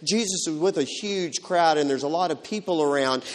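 A man preaching a sermon in a dramatic way, swinging from loud to hushed. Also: a little high, normal speed, hardly any pauses. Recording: long hall reverb.

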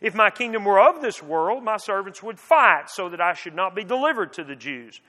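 A man reading the lines of a calm prisoner who speaks of a kingdom not of this world, measured and solemn. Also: high voice, exaggerated voice. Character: calm male prisoner claiming a heavenly kingdom. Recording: long hall reverb.

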